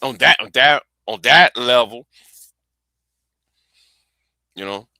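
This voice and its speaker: A man's voice: medium pitch, expressive, normal speed, bright, forceful tone, dry recording. A man chatting casually on his live stream, rambling and profane, often repeating words while he thinks.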